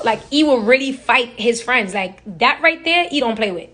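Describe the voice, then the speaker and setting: A young woman and social media personality chats casually and animatedly on a phone live stream, telling profane stories and imitating other people. Her voice is a little high and a bit bright, and she talks fast with few pauses.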